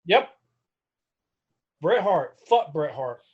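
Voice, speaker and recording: A man, a former pro wrestler, telling stories as a podcast guest in a casual, profane, animated way that acts out the quotes. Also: fairly high pitch, slow, breathy edge, phone-quality sound. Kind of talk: casual storytelling.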